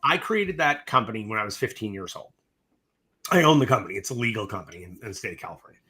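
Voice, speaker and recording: A middle-aged East Coast film director tells stories in a casual interview, animated and profane, acting out both sides of each conversation. His voice sits on the low side, husky, and he talks at a quick pace.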